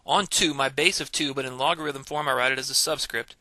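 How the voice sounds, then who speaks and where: A man delivers a recorded math lecture in a very bright, crisp voice. He explains step by step with patience and slows down to stress the key ideas. The sound is dry and close, with no room echo. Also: a little high. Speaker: math instructor.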